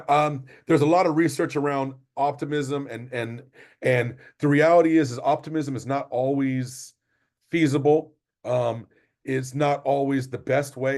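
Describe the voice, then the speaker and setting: A man's voice: mid-range voice, a little mellow. Emphatic man coaching parents. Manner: repetitive, emphatic motivational delivery. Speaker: basketball coach. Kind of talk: parent training presentation.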